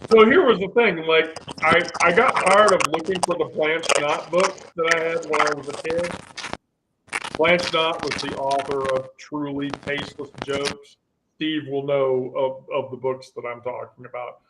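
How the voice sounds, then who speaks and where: A man hosting a relaxed group chat, rambling and often restarting his sentences. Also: on the high side, moderate pace, background noise. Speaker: host. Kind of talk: casual chat.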